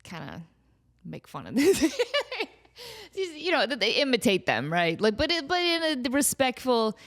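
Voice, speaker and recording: A woman's voice: a little high, very animated, measured pace. Chatty woman hosting a solo podcast. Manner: chatty and self-deprecating, breaks off to scold her cat. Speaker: podcast host. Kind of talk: casual solo podcast chat.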